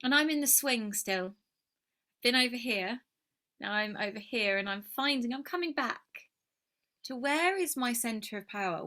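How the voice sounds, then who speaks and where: A woman's voice: fairly high pitch, expressive, normal speed, bright, forceful tone. A woman musing in a reflective personal video, heartfelt and earnest, sometimes dropping to a near whisper. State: emotional. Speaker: spiritual mentor.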